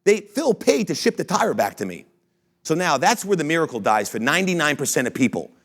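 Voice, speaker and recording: A young man giving a motivational talk to an audience, telling stories in a brash, boastful, energetic way. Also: a little high, a little fast. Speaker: franchise CEO and speaker.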